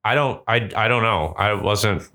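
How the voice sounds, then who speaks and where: A man with a fairly low voice tells a long story in loose, casual talk. He swears freely, rambles and restarts, and jumps up high whenever he imitates the people in the story. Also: normal speed, sharp tone, a little hiss or hum. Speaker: podcast co-host telling a story.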